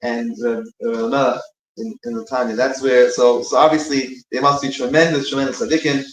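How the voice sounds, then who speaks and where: A man's voice: mid-range voice, level tone, brisk. Rambling man teaching in an echoey room. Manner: rambling, searching for words, many restarts. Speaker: speaker giving a short talk between prayers. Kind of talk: informal teaching talk. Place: synagogue room.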